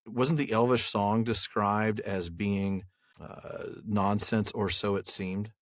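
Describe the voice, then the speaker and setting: A man's voice: on the low side, flat delivery, takes it slowly, no room sound, clean studio sound. A man co-hosting a podcast, chatting casually and joking about a book, then reading a passage aloud steadily. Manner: easygoing, joking, reads narration steadily. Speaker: podcast co-host.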